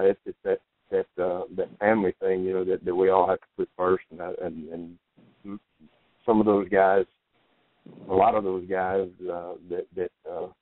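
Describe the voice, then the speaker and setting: An older man with a deep voice talks with little rise and fall. He speaks haltingly and from the heart, as a guest on a radio show. His voice comes over a dry, thin, phone-like line. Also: dry recording. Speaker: guest, wrestling hall of famer.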